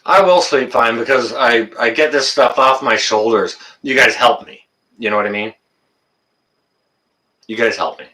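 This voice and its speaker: A man's voice: medium pitch, moderate pace, pauses often, bright, forceful tone, recorded from a distance. A man hosting a casual livestream, reading viewer comments and ranting, getting worked up and then apologizing.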